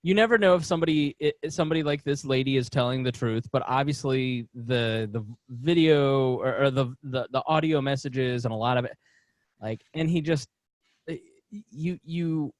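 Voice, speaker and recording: A man's voice: mid-range voice, normal speed, no echo. A man from Indiana co-hosting a political podcast, telling long stories with stumbles and restarts. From Indiana, USA. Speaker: podcast co-host. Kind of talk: casual political podcast chat.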